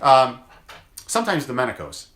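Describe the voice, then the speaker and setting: A man talks through a casual video update, drifting from family stories to side thoughts with plenty of "uh"s and restarts. His voice has a bright, forward edge, and the room around him rings noticeably. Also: mid-range voice, wildly swooping pitch, moderate pace, reverberant. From United States. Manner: rambling storyteller, many fillers. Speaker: chiropractor.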